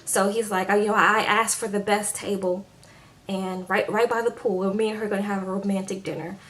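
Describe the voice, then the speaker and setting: A woman's voice: medium pitch, level tone, a little fast, a bit bright. A woman giving a casual, sassy recap of a reality show, retelling scenes with playful asides to her viewers.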